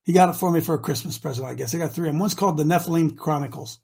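A preachy male talk show host from Ohio with a husky voice. He talks emphatically, breaking out into shouts and then dropping low. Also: racing. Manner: emphatic and preachy, swinging between shouting and mutters.

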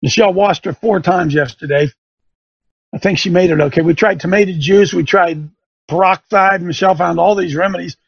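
A middle-aged show host tells a folksy story and turns it into an emphatic, sermon-like lesson for listeners in a preaching radio monologue. His high voice is brisk, creaky and breathy-edged, recorded on a studio microphone with no echo and the highs cut off.

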